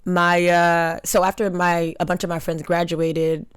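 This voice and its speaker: A young adult woman from Long Island, a comedian guest telling stories in animated, casual podcast talk, often laughing. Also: on the low side, unhurried, clean tone, no echo, studio quality. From Long Island, New York.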